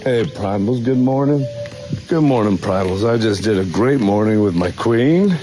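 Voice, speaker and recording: A man filming a hype-filled vlog as a fitness influencer, pumped up and jumping around in pitch. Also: expressive, moderate pace, dark tone, faint music behind. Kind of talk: hype self-filmed vlog.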